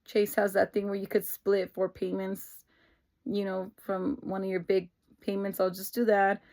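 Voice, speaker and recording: A woman's voice: medium pitch, completely flat delivery, normal speed, darkish tone. A young woman vlogging casually about her week, rambling with fillers and restarts. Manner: rambling, many fillers and restarts, laughs through tears. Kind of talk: casual personal vlog storytelling.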